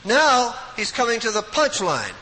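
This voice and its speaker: There's no hurry in this older preacher's very high voice as he gives a folksy, sermon-style Bible talk during a Bible study week. Animated and emphatic, he shifts from loud stresses to quiet asides without warning. Hall reverb and faint noise color the recording.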